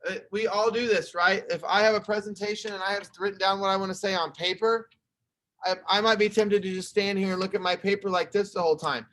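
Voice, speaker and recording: A man's voice: high voice, steady tone, quick pace, fairly bright tone. A young male teacher explaining a lesson to his class over a video call, in a conversational, explaining manner. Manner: explaining, conversational, talks through slides. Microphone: computer webcam mic.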